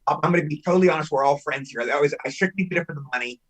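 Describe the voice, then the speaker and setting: A man's voice: fairly high pitch, racing, poor audio. An older man, a veteran actor on a podcast, who talks frankly in a rambling way and often repeats himself as he restarts his sentences. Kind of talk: casual chat.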